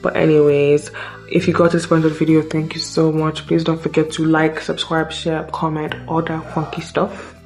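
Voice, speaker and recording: A woman's voice: deep voice, monotone, moderate pace, a little mellow, faint music behind. A woman in her twenties from Nigeria, chatting casually and self-mockingly about books on her vlog, easily sidetracked. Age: 20s. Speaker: booktuber.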